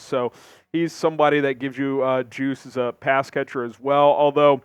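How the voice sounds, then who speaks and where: A man hosting an opinionated sports talk show, talking emphatically with big swings in pitch and volume. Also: smooth, no room sound.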